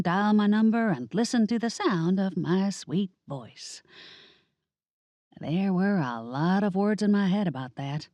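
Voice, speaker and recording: A woman's voice: mid-range voice, darkish tone, no echo. A woman narrating a first-person cozy mystery audiobook in a wry, sassy manner.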